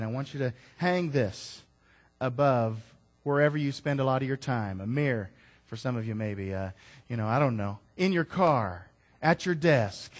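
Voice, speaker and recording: A man preaching a sermon to his congregation, rising loud on key lines and dropping into casual asides to listeners. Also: medium pitch, moderate pace. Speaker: pastor.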